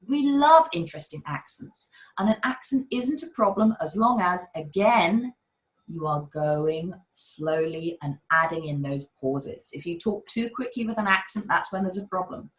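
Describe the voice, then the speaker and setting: A woman with a neutral British accent, a public speaking coach giving energetic, emphatic advice on a webinar video call. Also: medium pitch, poor audio. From United Kingdom. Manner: emphatic, energetic storyteller, addresses the audience directly.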